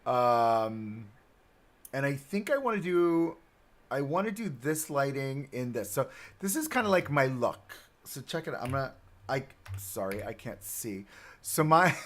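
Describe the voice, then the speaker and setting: A man's voice: medium pitch, fairly bright tone. A young man chatting to himself and his viewers as he builds in a live game stream. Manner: chatty, self-talking while building. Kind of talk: live gameplay commentary.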